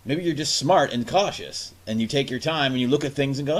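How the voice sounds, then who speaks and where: A man's voice: medium pitch, a little fast. A man co-hosting a podcast in casual chat, reacting to stories and making his case at length. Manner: reacts with short exclamations and argues his point. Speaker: podcast co-host.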